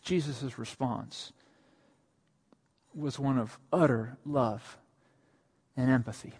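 A male pastor preaching a sermon. His voice swells to emphatic peaks on quoted lines and sinks soft and low when he speaks of his own need. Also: slow pace, husky, big-room sound. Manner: rises to emphatic, raised delivery on quoted lines, then drops soft and low.

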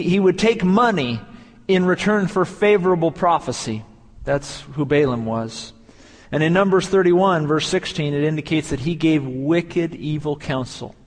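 A man's voice: fairly high pitch, big-room sound. A man preaching a sermon as pastor, building emphasis through repeated phrases.

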